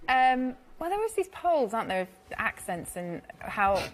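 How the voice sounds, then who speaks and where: A woman chats on a comedy panel show, giggling good-humouredly. Her voice is a little high, and the studio behind her is loud and noisy. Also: very animated, moderate pace. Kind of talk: chatty banter. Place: TV studio with live audience. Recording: noisy studio with audience laughter.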